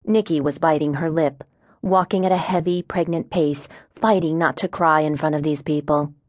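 Woman, low voice, audiobook narrator, measured wry reading, dry close sound. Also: steady tone, a little mellow, no room sound. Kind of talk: scripted first-person narration.

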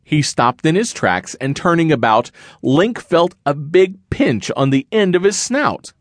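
A man's voice: on the high side, very animated, measured pace, dry recording, clean studio sound. A man narrating a rhyming children's picture book in a sing-song read-aloud manner. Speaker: audiobook narrator.

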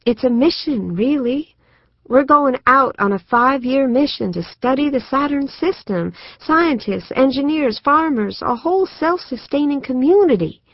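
A woman voicing an excitable, idealistic younger sister who talks in an earnest, insistent way. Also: medium pitch, normal speed, dry recording. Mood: excited. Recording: dry, slightly muffled studio recording.

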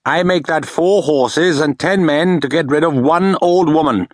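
A man's voice: on the high side, unhurried, dry recording, studio quality, voice pushed up. A man voicing a vain, theatrical young male wizard who talks with dramatic self-pity, in a storybook reading.

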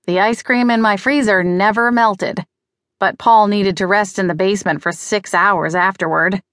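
A woman's voice: mid-range voice, fairly even intonation, normal speed, fairly bright tone, no echo, clean studio sound. A woman reading a mystery audiobook in first person, with a wry, conversational delivery. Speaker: audiobook narrator. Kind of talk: first-person scripted narration.

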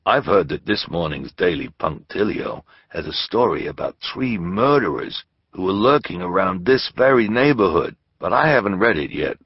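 A man's voice: sits low, sing-song, moderate pace, slightly rough, no echo, highs cut off, heavily acted. A man voicing a friendly, scruffy little shopkeeper who chats and holds firm opinions, in a storybook reading. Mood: chatty. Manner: chatty, opinionated.

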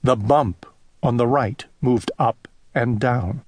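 A man narrating a children's storybook audiobook in a gentle, deliberate storytelling manner. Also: mid-range voice, gravelly, slightly rough, dry recording.

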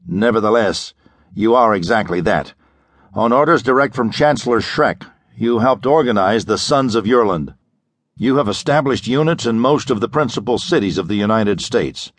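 A man's voice: fairly low pitch, lively intonation, normal speed, no room sound. A man voicing a grim intelligence agent who accuses and presses a prisoner, in an audiobook. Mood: accusing.

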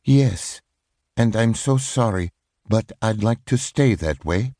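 A man narrating puts on a frail elderly mother in a Russian accent, her tiny voice lifted noticeably higher and a touch louder than his own. She sounds sweet and apologetic, over a dry, close recording. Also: expressive, slow, dry recording, full character voice. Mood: tender. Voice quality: tiny soft voice.

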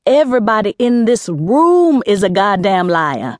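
A woman's voice: mid-range voice, sing-song, a little slow, a little mellow, no room sound, studio quality. A woman voicing a tough, brash middle-aged aunt who barks bluntly and curses. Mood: scolding. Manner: barking, blunt, cursing.

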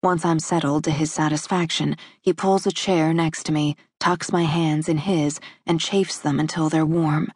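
A woman narrating a first-person romance audiobook in a measured, intimate reading. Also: low voice, steady tone, darkish tone, breathy edge, dry recording. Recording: dry close studio recording.

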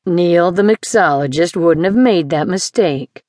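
A woman voicing a surly, gruff man who works as a mixer, speaking curtly in an audiobook. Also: on the low side, a little slow, a little mellow, no echo, clean studio sound, natural voice. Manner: curt, grumbling.

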